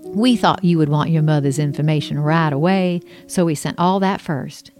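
A woman voicing a prim Southern woman private investigator with a Georgia drawl and a syrupy, gently condescending manner. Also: sits low, moderate pace, faint music behind, natural voice. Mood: sweetly prim.

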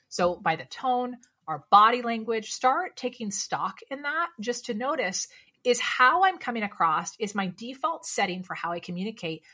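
A woman speaking coach, a podcast guest, talking in a lively, casual way and firing off rhetorical questions. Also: mid-range voice, breathy edge.

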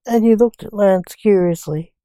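A woman reading a story aloud with halting phrasing. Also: medium pitch, mellow, dry recording, low-quality recording.

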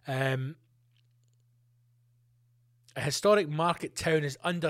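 A man hosting a podcast, ranting comedically with plenty of swearing and animated asides. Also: fairly high pitch, a little slow, pauses often. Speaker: podcast host. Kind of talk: comedic rant.

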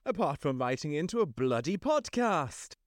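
Easygoing, animated man bantering on a podcast. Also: a little high, moderate pace, no room sound, clean studio sound. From North East England. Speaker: podcast co-host. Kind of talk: casual chat.

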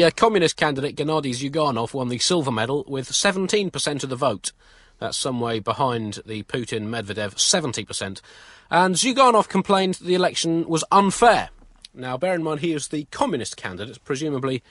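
A man's voice: mid-range voice, expressive, a little fast, fairly bright tone, dry recording. A man co-hosting a comic news podcast, trading ironic asides and laughing often. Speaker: co-host.

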